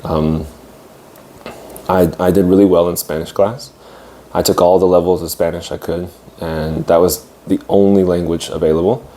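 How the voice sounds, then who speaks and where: A young man with a deep voice recounts his path to teaching in a relaxed, thoughtful monologue. His tone is warm and mellow, and he often pauses, hesitates and restarts his sentences. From United States. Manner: reflective, hesitant with fillers and restarts. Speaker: English teacher. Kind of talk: casual storytelling monologue.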